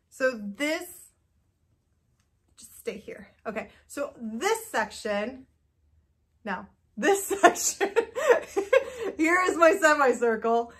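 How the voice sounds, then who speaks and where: A knitting podcast host with a sharp, slightly high voice chats to the camera. Her manner is casual, jittery and self-doubting, and fillers crop up constantly.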